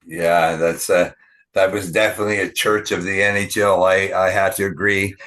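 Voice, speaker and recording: Deep, bright-voiced podcast host. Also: male voice, level tone, moderate pace. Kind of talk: interview questions.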